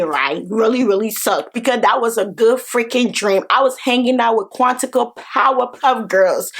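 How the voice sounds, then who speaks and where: A woman vlogger telling a story in an excitable, animated way, repeating phrases and swearing now and then. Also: fairly high pitch. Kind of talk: casual vlog storytelling.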